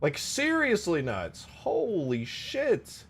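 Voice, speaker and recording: A man live-streaming casual chat, excitable and foul-mouthed, yelling thanks to his chat and then mumbling asides. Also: sits high, slow pace, breathy edge, soft background music. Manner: excitable, swears a lot, yells thanks to chat; swings between mumbling asides and loud outbursts. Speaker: livestreamer and game modder.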